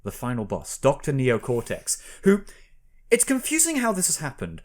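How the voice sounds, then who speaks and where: A man's voice: mid-range voice, moderate pace. A man co-hosting a podcast, chatting casually and animatedly about an old video game, laughing often. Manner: animated, laughs often, puts on a newscaster voice at times. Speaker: podcast co-host. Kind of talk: casual chat about games.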